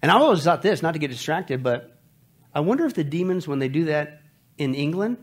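A male Bible teacher with a fairly high voice, preaching in an animated, emphatic way. He mixes sarcastic jokes with forceful scripture reading. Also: slightly rough. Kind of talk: preaching commentary.

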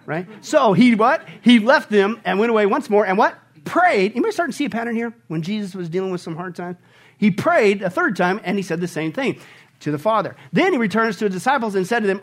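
A man preaching a sermon, animated and joking, often asking his listeners questions. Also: sits high, fast. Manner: animated, asks the congregation questions, jokes. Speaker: pastor.

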